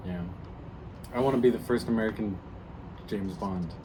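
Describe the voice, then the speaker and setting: A young man with a mid-range voice ribs his friend in a dry, teasing way during a relaxed chat. Clear background noise runs under his voice. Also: on the low side, moderate pace. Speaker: co-host of a script reading video. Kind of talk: casual banter.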